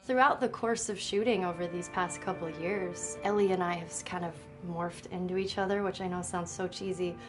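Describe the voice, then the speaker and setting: A woman's voice: lowish voice, fairly even intonation, brisk, hardly any pauses, music in the background. A woman in her twenties, an actress, talking candidly and casually in an interview.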